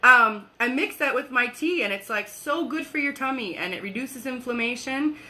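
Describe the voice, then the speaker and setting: A woman hosts a live workshop in a bright, forceful voice that sits a little high. She chats casually and laughs easily, rushing her words when excited and slowing down to lead guided breaths. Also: a little hiss or hum. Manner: talks quickly when excited, laughs often; leads slow guided breathing. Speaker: wellness coach.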